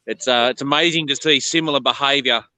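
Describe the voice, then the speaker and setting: An Australian man who relocates snakes, chatting bluntly and telling stories in an animated way. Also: mid-range voice, fast talker, no room sound, poor audio. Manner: animated, blunt, indignant storyteller. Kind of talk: casual chat on a video call.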